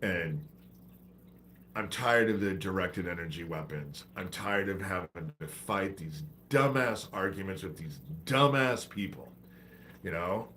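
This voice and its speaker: Low-voiced man ranting with a cold. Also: expressive, a little slow, sharp tone, a little hiss or hum. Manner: profane, exasperated, preachy. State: has a head cold. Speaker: livestream host. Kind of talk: ranting livestream monologue.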